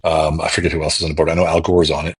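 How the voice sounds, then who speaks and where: A man's voice: a bass voice, level tone, very fast, breathy edge. A man talking as a podcast guest on a remote call, emphatic and repeating words for stress. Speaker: guest political commentator. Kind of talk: casual podcast talk.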